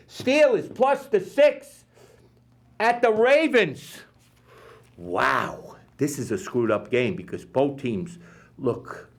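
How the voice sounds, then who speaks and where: A man with a New York accent hosting a live local-TV football picks show, rambling and jokey with sudden bursts of excitement. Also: high voice. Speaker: TV host. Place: community TV studio.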